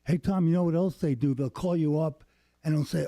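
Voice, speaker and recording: A man's voice: a little high, fairly even intonation, a little fast, vocal fry, dark tone, dry recording. A man chiming in on a talk radio show, casually telling a story and acting out quoted phone calls.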